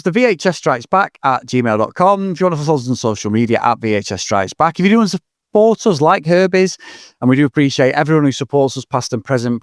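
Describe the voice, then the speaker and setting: A man's voice: on the high side, dry recording, studio quality. A man co-hosting a film podcast, chatty and breezy as he runs through plugs and thank-yous. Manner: chatty, reads sign-off plugs briskly. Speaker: podcast co-host. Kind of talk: casual film-podcast chat.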